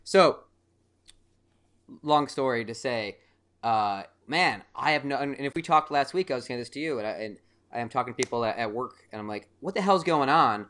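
A man's voice: mid-range voice, normal speed, a bit bright, smooth. A man co-hosting a casual podcast chat, rambling and joking with many fillers. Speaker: podcast co-host.

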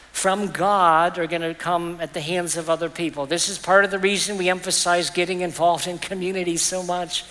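The recording captures a reverberant church hall, where a middle-aged pastor delivers an earnest, personal sermon built around storytelling. His voice sits high and sounds fairly bright.

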